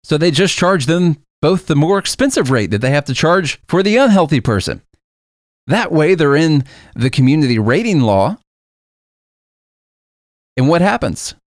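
A man's voice: fairly high pitch, big pitch swings, moderate pace, long pauses, dry recording, clean studio sound. A man talking in a casual monologue, earnest and argumentative, and he repeats his points for emphasis.

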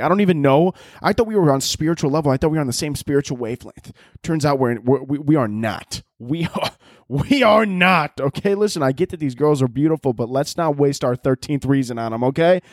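A man's voice: fairly high pitch, dry recording, clean studio sound. A man hosting his own podcast, rambling and joking with lots of swearing. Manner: rambling, profane, jokey, self-interrupting. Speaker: podcast host. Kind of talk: casual solo podcast chat.

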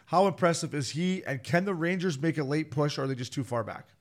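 Regular guy host, loose animated hockey talk, swears a bit. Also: a little high, fast talker. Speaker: podcast host. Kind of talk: casual sports chat.

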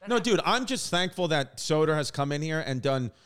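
A man's voice: fairly high pitch, very animated, moderate pace, fairly bright tone, clean tone. A man in his thirties hosting a comedy podcast, laughing often and swearing freely in casual chat. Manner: laughs often, loose and profane. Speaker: podcast host.

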